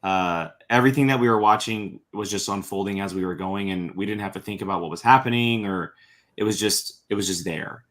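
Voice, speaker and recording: A man appearing as a podcast guest, talking earnestly and hesitantly, often pausing and restarting as he reviews a show. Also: lowish voice, fairly bright tone. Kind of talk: casual review chat.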